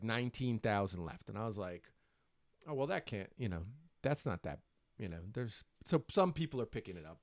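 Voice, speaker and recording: A middle-aged man hosts his own show and tells a story with building excitement. He keeps acting out his own past reactions in quotes. His voice is mid-pitched, and the sound is close and dry. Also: no room sound. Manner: animated, breathless retelling full of quoted exclamations. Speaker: show host.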